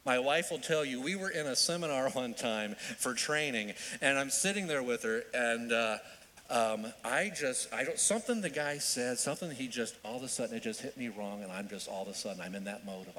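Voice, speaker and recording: A male minister preaching a sermon in an animated way, with joking asides and repeated phrases for emphasis. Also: medium pitch, fairly quick. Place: church sanctuary. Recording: long church reverb.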